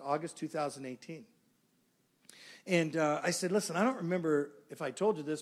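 Guy pastor, middle aged, lively sermon story, voice sits a little high. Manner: animated storyteller, acts out dialogue.

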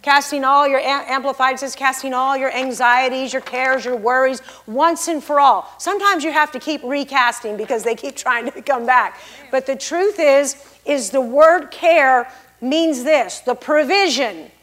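Woman, high voice, sermon, hushed-to-loud swings, emphatic scripture teaching. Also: measured pace. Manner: swings from hushed, near-whispered intimacy to loud exclamation; emphatic, expository. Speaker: preacher. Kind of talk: sermon testimony.

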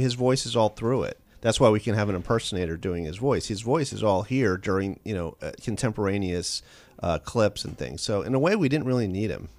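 A man being interviewed as an author on a call-in radio show, telling stories in a quick, animated way with frequent restarts. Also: on the low side, dry recording. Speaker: author guest.

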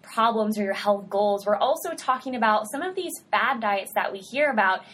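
A woman's voice: mid-range voice, animated, moderate pace, fairly bright tone. A young adult woman, a dietitian, hosting her own podcast solo in an upbeat, chatty way with casual slang.

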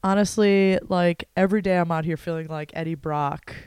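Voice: mid-range voice, fairly even intonation, normal speed, a little mellow, clear, resonant tone, no room sound. A podcast co-host in casual chat, sarcastic and given to mock-dramatic speeches.

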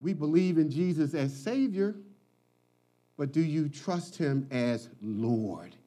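A man preaches a sermon full of stories, stressing his points by repeating words and chuckling as he goes. His voice is a little high, with lively intonation, a slow pace, and a dark tone.

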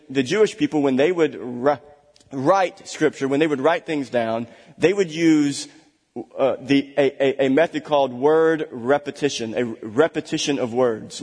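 In a large hall, a pastor with a highish, darkish voice preaches emphatically, repeating key words for stress. He drops in chatty asides with small laughs.

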